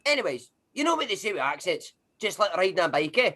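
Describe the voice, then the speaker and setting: A brash, slangy working-class Scottish man, played by a woman, who swears freely and talks bluntly. A Scottish accent with a lively, swooping pitch that keeps bouncing around. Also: quick pace. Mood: cheery. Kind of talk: comedy sketch rehearsal on a video call.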